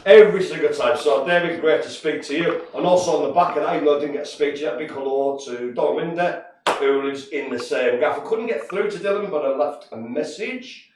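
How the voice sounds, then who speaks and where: Brief: man, co-host, jokey and rambling, slightly high voice, distant mic in an echoey room, faint noise. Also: a little fast, darkish tone. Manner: chatty and jokey, many fillers. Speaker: co-host giving shout-outs. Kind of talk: casual live-stream chat.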